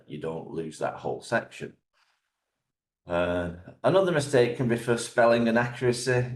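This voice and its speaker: Low-voiced man, teacherly, in a roomy space. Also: vocal fry. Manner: measured, explains things step by step like a teacher. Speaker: English exam teacher, guest. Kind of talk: interview answers, explanatory.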